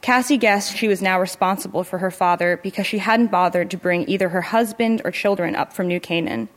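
A woman's voice: fairly low pitch, brisk. Woman reading literary fiction. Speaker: narrator.

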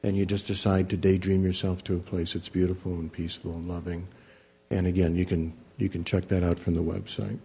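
A man who works as a physician, telling a patient's story in a calm, measured lecture and often restarting his phrases. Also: low voice, creaky, breathy edge. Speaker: physician teaching guided imagery.

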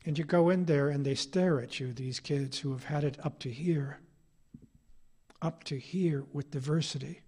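A man's voice: on the high side, moderate pace, warm tone, slightly rough. Wry middle-aged man telling stories. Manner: wry, ironic storytelling. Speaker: author giving a talk. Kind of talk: anecdotal public lecture.

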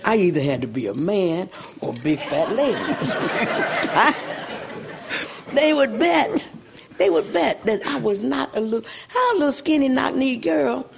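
An older woman singer, a guest in an interview, telling animated stories with a gravelly voice and frequent laughter. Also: fairly high pitch, measured pace, background noise. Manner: laughs often, breaks into sung snippets. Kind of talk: animated storytelling.

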